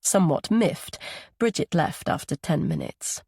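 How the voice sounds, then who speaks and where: A woman's voice: lowish voice, wildly swooping pitch, measured pace, vocal fry, dark tone, breathy edge, no echo. A woman narrating a psychological thriller audiobook, giving each character its own voice.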